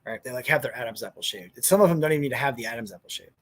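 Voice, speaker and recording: A man's voice: medium pitch, animated, racing. A man hosting a podcast, ranting bluntly and casually, swearing a lot. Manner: crude, blunt, swears freely. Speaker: podcast host. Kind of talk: casual opinion rant.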